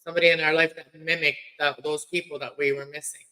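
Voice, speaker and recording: A man from Mexico hosts a relaxed late-night stream, rambling from one topic to the next and laughing easily. His voice is bright and crisp, with a smooth, resonant clarity. It sits slightly higher than most men's. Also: quick pace, poor audio. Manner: chatty, laughs easily, drifts between topics.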